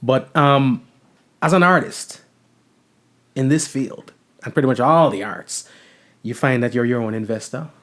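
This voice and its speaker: A man hosting a talk show, asking long questions and affirming his guests in relaxed conversation. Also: mid-range voice, a little slow, pauses often. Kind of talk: casual interview.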